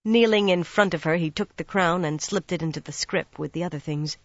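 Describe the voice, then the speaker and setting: A narrator reading a fantasy novel aloud in a steady, measured way. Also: medium pitch, no room sound, muffled recording. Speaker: audiobook narrator.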